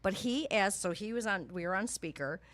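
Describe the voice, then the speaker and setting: Animated, profane woman radio host. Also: mid-range voice, normal speed, no echo. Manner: profane, animated ranting storyteller. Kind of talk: casual studio chat. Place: radio studio.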